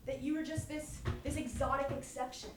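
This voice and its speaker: A woman's voice: high-pitched, steady tone, fairly quick, heavy background noise, close to an everyday voice. A young woman playing a reflective teenage girl in a staged reading monologue, telling her story in a wistful, reflective way. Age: young adult. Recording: echoey stage filmed from far off.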